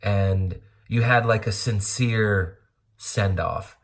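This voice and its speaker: Blunt, low-voiced middle-aged man. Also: slow, creaky. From Montana, USA. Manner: earnest, rambling, blunt with profanity. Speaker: vlogger. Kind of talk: candid personal monologue.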